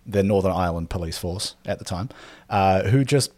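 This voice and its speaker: Guy chatting on a podcast, kinda low voice, lots of ums, dry close sound. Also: normal speed, a little mellow, no echo. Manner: rambling, filler-heavy, laughs often. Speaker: podcast co-host presenting history. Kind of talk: casual podcast chat.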